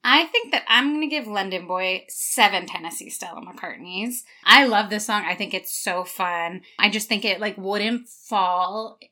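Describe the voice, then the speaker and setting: A woman's voice: medium pitch, unhurried, hardly any pauses, pushed and bright. A young woman co-hosting a casual podcast, chatty with lots of fillers and frequent laughs. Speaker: podcast co-host. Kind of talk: casual chat.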